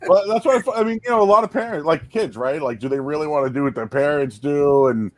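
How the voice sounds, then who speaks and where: Male podcast host, high voice, rambling casual banter, dry close sound. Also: no room sound. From Boston area. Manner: rambling, fast, full of restarts and "dude", "man". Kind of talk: casual chat.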